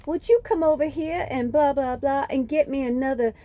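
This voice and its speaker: A woman's voice: sits high, normal speed, warm tone, voice pushed up, close to an everyday voice. A woman voicing an entitled, bossy Southern slaveholder with a drawling put-on Southern accent.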